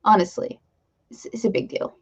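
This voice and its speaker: A woman hosting her own live stream, chatting casually and rambling with self-deprecating asides to her viewers. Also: moderate pace. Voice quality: gravelly fry in voice. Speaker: streamer host. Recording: slightly dull lo-fi stream mic.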